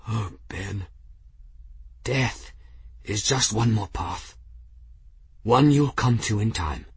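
A man voicing a dying gentle old monk, husky and weak. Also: lowish voice, takes it slowly, no echo, full character voice. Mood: quiet pained. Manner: quiet, weak and pained.

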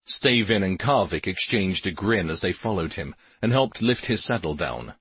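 A man reading a story aloud as narrator, in an unhurried, expressive way. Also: low voice, breathy edge, no room sound. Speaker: audiobook narrator. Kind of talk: scripted narration.

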